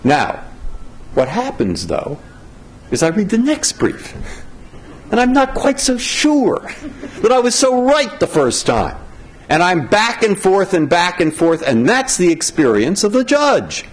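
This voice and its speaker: A man's voice: high-pitched, wildly swooping pitch, a little slow, slight background noise. An older American man giving a conversational conference speech as a judge, asking himself questions and breaking off mid-sentence. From United States. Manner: conversational and self-interrupting, asks himself questions. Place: conference hall.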